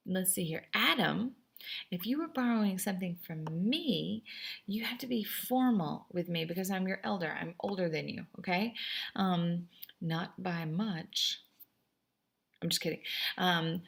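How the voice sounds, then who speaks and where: Hoarse, gravelly woman teaching French. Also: medium pitch, animated. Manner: chatty, teasing, slows down to model French phrases. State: going a little hoarse. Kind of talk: classroom lesson recorded for students.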